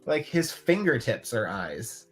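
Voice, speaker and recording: A man's voice: mid-range voice, big pitch swings, measured pace, faint music behind. Laid-back man hosting a live stream. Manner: laid-back, laughs often, swears casually. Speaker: host of a live customizing stream. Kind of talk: casual live-stream chat.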